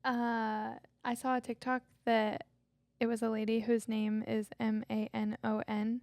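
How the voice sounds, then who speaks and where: A woman co-hosting a casual book podcast, relaxed and quick to laugh as she recaps the plot. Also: a little high, dry recording. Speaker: podcast co-host. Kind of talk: casual chat.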